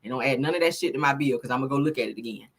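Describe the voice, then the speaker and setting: In an extremely low voice with a breathy edge, a woman talks rapid-fire while hosting a casual live gossip stream. Slightly tipsy, she swears freely and calls her viewers honey and child.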